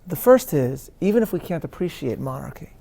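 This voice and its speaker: A man, a rabbi answering questions at a live interview, speaking in an earnest, measured lecture style with emphatic stresses and frequent restarts. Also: on the high side, big pitch swings, creaky, warm tone.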